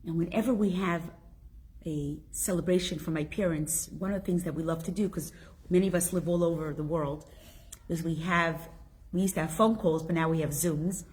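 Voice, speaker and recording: A woman's voice: fairly low pitch, steady tone, moderate pace, darkish tone, husky. A middle-aged woman teaching a Torah class, telling stories emphatically and asking the listeners rhetorical questions. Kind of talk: spoken Torah lesson.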